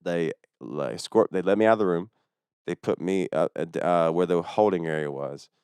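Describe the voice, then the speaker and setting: A young man, a stand-up comedian telling a story in casual chat, fast and full of swearing. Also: deep voice, darkish tone, smooth, no echo. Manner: fast-talking, profane.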